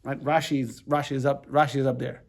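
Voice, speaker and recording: A man's voice: medium pitch, level tone, a little fast, vocal fry. A middle-aged American rabbi teaching a casual class, talking loosely, restarting his sentences and checking in with the room. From United States. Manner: conversational, repeats words and restarts, asks the room "right?".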